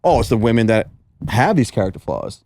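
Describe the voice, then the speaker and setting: A man who is a comedian guest on a podcast, in casual chat, thinking out loud with hesitations and fillers. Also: medium pitch, sing-song, fairly quick.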